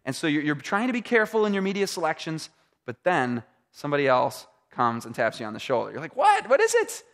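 A man's voice: on the high side, fast talker, fairly bright tone. A man preaching a Christian seminar to a live audience, conversational, asking them questions and acting out little scenes.

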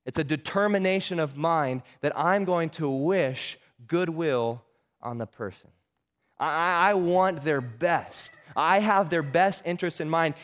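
A man preaching a sermon as pastor, earnest and often repeating words as he builds a point. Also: a little high.

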